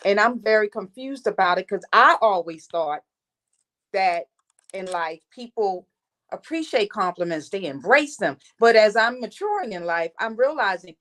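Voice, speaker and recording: A woman's voice: mid-range voice, sing-song, moderate pace, fairly bright tone. A woman guest on a casual talk show, a wellness coach who speaks earnestly and sincerely. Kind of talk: casual chat.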